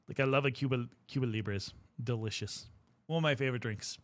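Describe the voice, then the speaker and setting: A man's voice: medium pitch, brisk, fairly bright tone, no room sound. A young man chatting casually on a livestream while painting miniatures, rambling and swearing freely as he talks to his viewers. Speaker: streamer.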